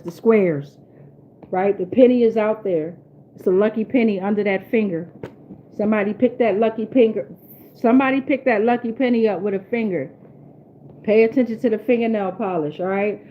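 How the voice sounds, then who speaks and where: A woman's voice: medium pitch, muffled recording, a little hiss or hum. A woman giving an unscripted tarot reading who talks bluntly, swears often and keeps repeating phrases with "okay?" and "right?". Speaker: tarot reader. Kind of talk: spontaneous tarot reading monologue.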